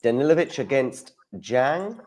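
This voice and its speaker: A man's voice: medium pitch, big pitch swings, unhurried, darkish tone. Man reading out names casually. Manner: reads out names, brief reactions. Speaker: co-host. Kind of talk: casual chat.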